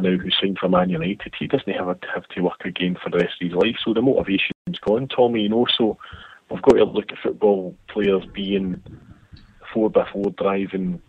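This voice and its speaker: Deep husky Scottish caller on the phone. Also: male voice, dry recording. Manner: passionate, rambling. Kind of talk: casual phone chat. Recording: tinny dry phone line.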